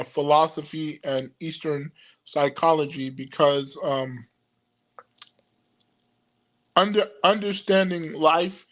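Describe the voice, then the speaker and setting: A young man hosting a livestream, talking casually to his viewers, halting and full of stammered restarts, often laughing. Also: on the high side. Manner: addresses viewers directly as "y'all". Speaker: occult livestream host. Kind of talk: rambling casual livestream talk.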